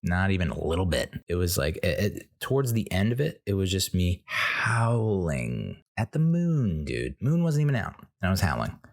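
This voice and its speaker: Male comedy podcast host, low gravelly voice, casual storyteller who swears and acts out scenes. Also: big pitch swings, moderate pace, few pauses.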